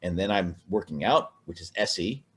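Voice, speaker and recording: A man's voice: sits low, animated, normal speed, fairly bright tone, slightly rough. A man on a casual podcast, rambling and swearing through a drunken personal chat with many restarts. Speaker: podcast co-host.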